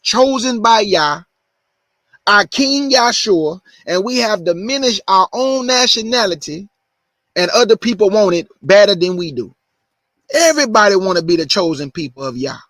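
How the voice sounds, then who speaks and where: A man hosting his show, preaching, repeating his points slowly for stress. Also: high-pitched, expressive, a bit bright, dry recording. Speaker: show host. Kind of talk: preaching monologue.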